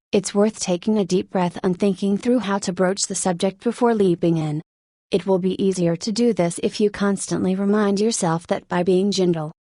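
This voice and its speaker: A woman's voice: mid-range voice, a little mellow, dry recording. Woman reading nonfiction in a dry booth. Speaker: audiobook narrator. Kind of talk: scripted nonfiction narration.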